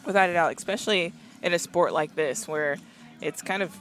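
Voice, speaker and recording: A man's voice: on the high side, fairly quick, fairly bright tone. A man as co-commentator at a long-drive golf event, adding short remarks and quips. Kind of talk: live sports commentary.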